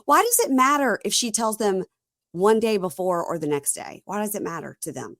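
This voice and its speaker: A woman's voice: medium pitch, moderate pace, no echo, clean studio sound. A woman hosting a podcast, recapping a reality show in casual chat and acting out quotes as she goes. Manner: animated storytelling, acting out quotes. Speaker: podcast host.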